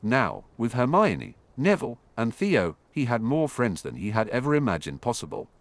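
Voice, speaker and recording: Man narrating a fantasy audiobook, lively. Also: mid-range voice, moderate pace, no room sound.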